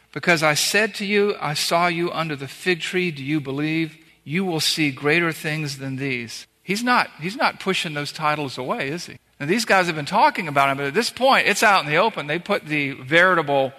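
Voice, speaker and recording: Pastor, male, earnest emphatic preacher, bright tone, echoing church hall. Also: on the high side. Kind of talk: sermon. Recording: reverberant hall.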